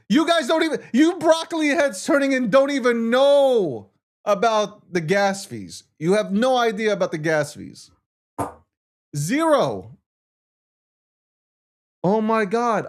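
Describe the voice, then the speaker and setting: A man hosting a casual market talk show, ranting in a profane, self-mocking way. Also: sits high. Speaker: show host.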